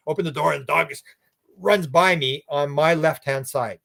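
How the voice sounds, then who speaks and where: A man as an interview guest, telling a long story in an animated, rambling way and acting out what people said. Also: a little high, moderate pace, gravelly. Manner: animated, rambling, acts out quoted speech. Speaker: guest researcher.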